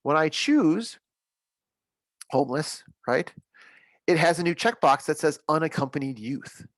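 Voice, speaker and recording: A man running a software training webinar, upbeat and reassuring, repeating the key points as he walks through the screens. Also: on the high side, expressive, unhurried, dry recording.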